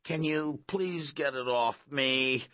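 A man's voice: medium pitch, slow, no room sound, pitched above the performer's own voice, natural voice. A man voicing an anxious, pleading twelve-year-old boy in a storybook reading, slightly muffled recording.

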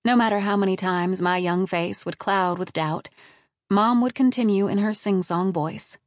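This scripted audiobook narration is read by a woman with a mid-range voice, measured and even throughout. The sound is studio quality, and the recording is dry.

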